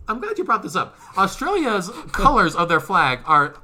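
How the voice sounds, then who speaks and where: A man on a sports podcast with a very bright, sharp tone and a pitch that jumps up and down a lot. He chats casually, with plenty of animation and laughter. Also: huge pitch swings, moderate pace. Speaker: podcast co-host. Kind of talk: casual chat.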